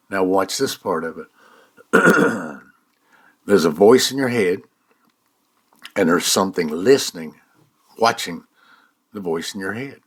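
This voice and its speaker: A man's voice: deep voice, breathy edge. A man, guiding an eyes-closed mind exercise in a folksy way, checking in with "all right?" again and again. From United States. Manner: slow, soft-spoken guidance. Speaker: author teaching a mind exercise.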